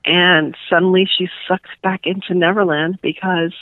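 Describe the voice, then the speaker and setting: A woman with a Cuban-New York accent, a guest author, telling a rambling, animated story in a casual interview. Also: lowish voice, normal speed, dry recording. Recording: tinny phone line.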